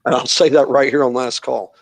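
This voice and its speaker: A man on a talk show delivers emphatic, preachy points. He addresses the listeners directly as ladies and gentlemen and stresses his words. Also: medium pitch, steady tone, a little fast, creaky.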